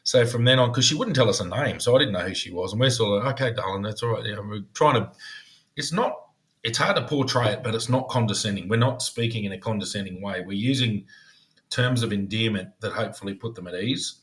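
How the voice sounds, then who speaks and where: A man's voice: lowish voice, a little fast, a bit bright. A man, a podcast co-host and former police negotiator, telling a story in casual chat. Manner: storytelling, slips into funny put-on voices for quoted people.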